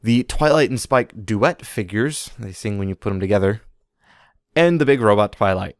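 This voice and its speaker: Co-hosting a podcast, a man runs through toy news in a relaxed chat, reading out items and slipping in jokey puns. His lowish voice has lively intonation and a moderate pace, recorded at studio quality with no room sound.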